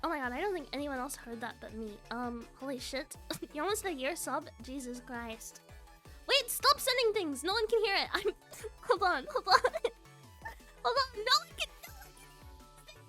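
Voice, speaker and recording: Very high-voiced, bright giggly woman streamer. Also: normal speed, pauses often, faint music behind. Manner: excitable, giggly, repeats herself. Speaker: live streamer with an avatar model. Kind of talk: casual live-stream chat.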